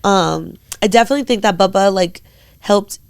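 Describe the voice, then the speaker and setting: A young woman co-hosting a podcast, telling a long story in a casual, animated way, swearing freely and acting out what other people said. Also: medium pitch, normal speed, creaky, no echo. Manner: animated, swears freely, acts out quoted voices. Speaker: podcast co-host.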